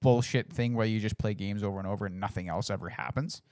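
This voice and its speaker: A man's voice: on the low side, fast talker, no echo. A man telling a video game story in casual podcast chat, swearing often and acting out his reactions. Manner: swears a lot, animated storytelling.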